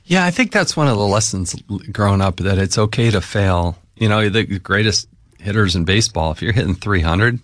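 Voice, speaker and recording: Male host, somewhat low pitch, easygoing reflective talker; dry studio sound. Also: lively intonation, brisk, dry recording. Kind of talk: casual conversation.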